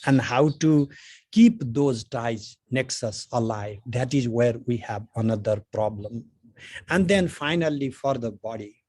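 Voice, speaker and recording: A man giving an informal introductory lecture on Tantra, talking conversationally with many fillers and growing animated when he tells a story. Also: medium pitch, no echo. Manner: conversational, many "you know" fillers, grows animated in anecdotes.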